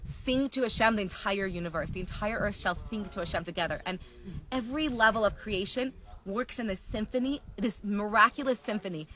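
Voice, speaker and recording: A woman teaching a live class, telling stories in an animated, earnest way. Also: medium pitch, brisk, low-quality recording. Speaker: Torah teacher.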